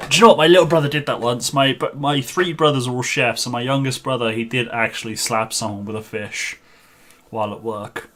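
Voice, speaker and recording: A male streamer talks casually as he plays, his voice sitting at an ordinary middle pitch. He rambles loosely from one anecdote to the next. He chuckles at his own stories as he goes. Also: fairly bright tone. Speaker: game streamer. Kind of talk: casual chat while gaming.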